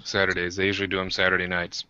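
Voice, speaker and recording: A man's voice: low voice, monotone, very fast, pushed and bright, smooth, dry recording, muffled recording. An American man co-hosting a podcast, telling rambling, self-deprecating stories in casual chat with many restarts. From United States. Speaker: podcast co-host.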